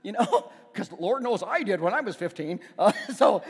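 A pastor delivers a sermon in a church hall, his voice sitting high, sing-song and breathy at a moderate pace. His storytelling is conversational, with restarts and swells to loud emphasis. The recording carries the hall's long reverb and faint music.

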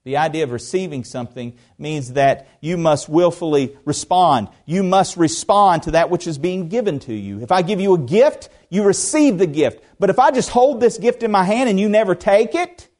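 A man preaching an expository sermon, earnest, with emphatic rises, soft drops, conversational asides and rhetorical questions to the congregation. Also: sits high, sing-song, moderate pace. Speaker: pastor.

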